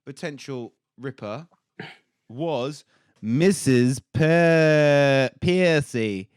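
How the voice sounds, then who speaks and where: A man's voice: mid-range voice, extremely slow, smooth, no room sound, clean studio sound. A man co-hosting a podcast, telling history in a jokey, sweary way. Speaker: podcast co-host. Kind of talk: casual chat.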